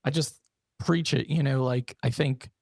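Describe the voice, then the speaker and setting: A man's voice: mid-range voice, fairly even intonation, unhurried, vocal fry, darkish tone, no room sound. A man hosting a podcast in casual conversation, agreeing often and swearing casually. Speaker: podcast host.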